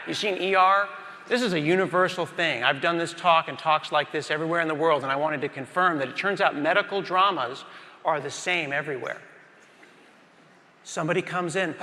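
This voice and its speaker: A middle-aged man giving a conference keynote on a large stage, telling stories animatedly and talking straight to the crowd. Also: fairly high pitch. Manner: animated storytelling, acts out scenes, addresses the crowd. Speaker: keynote speaker. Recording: reverberant conference hall.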